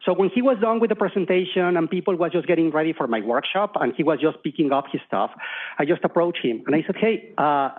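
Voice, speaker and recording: A man's voice: on the high side, fast. Mexican-accented man telling stories onstage. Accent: Mexican Spanish. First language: Spanish. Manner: animated, acts out dialogue, frequent restarts. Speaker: conference speaker. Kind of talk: storytelling keynote talk. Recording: tinny phone-like lo-fi sound.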